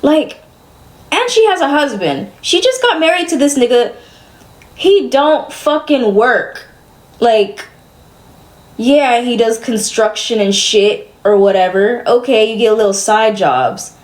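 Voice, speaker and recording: A woman's voice: a little high, expressive, slow pace. A young woman streamer venting to her chat, exasperated and swearing as she rambles.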